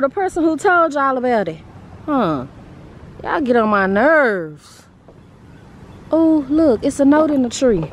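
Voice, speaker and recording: A young woman vlogging casually, talking to viewers in an animated, slangy, joking way, first from a car and then outdoors on a hill. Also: on the high side, normal speed, a little hiss or hum, poor audio.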